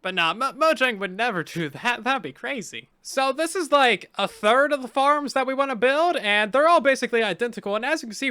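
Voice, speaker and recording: A man's voice: high voice, pushed and bright, smooth, no room sound. A man hosting a game let's play, talking in upbeat, chatty commentary with dry sarcastic jokes. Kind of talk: casual gameplay commentary.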